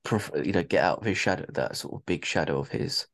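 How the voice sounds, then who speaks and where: A man's voice: deep voice, fast, gravelly, a bit bright. A man interviewing a guest in casual chat, giving brief, agreeable prompts.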